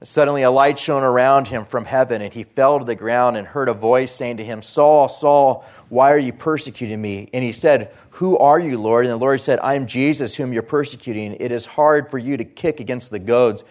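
A man preaching a sermon, reading scripture aloud and explaining it earnestly, rising for emphasis and dropping low at phrase ends. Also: fairly quick, few pauses. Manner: rises in pitch and volume for emphasis, drops low at phrase ends.

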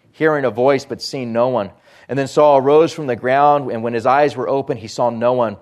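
Man, preacher, sermon, scripture reading, earnest, emphatic rises, trailing phrase ends. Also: darkish tone. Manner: earnest, reads scripture aloud and then explains it; rises in pitch and volume for emphasis, drops low at phrase ends.

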